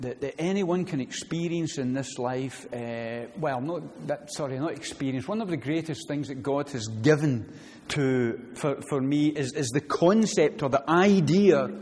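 A male pastor delivers a sermon in a loose, conversational way. He circles back on his phrases and slips into short acted prayers. His voice sits at an ordinary pitch and carries a long hall reverb with a faint hum of ambience behind it. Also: a little mellow. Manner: conversational preaching with frequent restarts and acted quotes.

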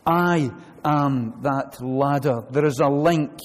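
A man's voice: mid-range voice, slow. Man preaching in a reverberant hall. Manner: animated, shifting between loud emphasis and quiet asides. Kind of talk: sermon.

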